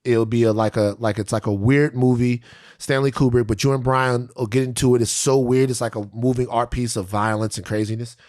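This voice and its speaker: A man co-hosting a podcast in casual chat, animated and profane, ranting with energy. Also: medium pitch, fairly quick. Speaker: podcast co-host.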